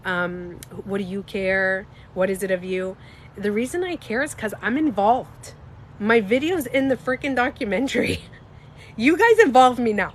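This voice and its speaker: A woman talking casually to her live-stream viewers, animated and emphatic, swearing and laughing as she goes. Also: mid-range voice, slight background noise. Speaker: beauty coach and vlogger.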